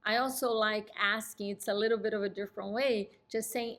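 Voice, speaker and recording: A woman's voice: mid-range voice, steady tone, a little fast, hardly any pauses, fairly bright tone. A woman coaching real estate agents, walking through a phone script and acting out its lines with an assertive, downward tone. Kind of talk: teaching a sales script.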